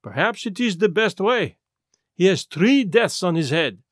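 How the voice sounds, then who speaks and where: Guy putting on a calm fussy little detective, higher voice, slow and careful, dry sound. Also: dry recording, exaggerated voice. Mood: grave. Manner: gentle, precise, deliberate. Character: small, precise, placid male detective.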